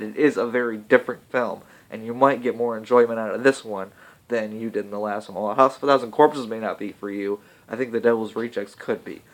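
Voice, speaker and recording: Chatty male movie reviewer who laughs often. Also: on the low side. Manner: chatty, laughing, swears freely. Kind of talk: casual movie review vlog.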